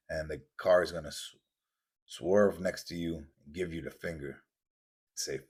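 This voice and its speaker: Deep husky-voiced man preaching intensely. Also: fairly even intonation, moderate pace. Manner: intense, preachy, repetitive, acts out quoted voices. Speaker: podcast host. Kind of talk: motivational podcast monologue.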